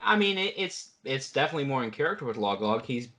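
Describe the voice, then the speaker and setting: A man's voice: medium pitch, fast talker. A man co-hosting a podcast in casual chat, recapping episodes and acting out the characters' lines as he goes. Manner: animated, acts out characters' lines while recapping. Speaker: podcast co-host.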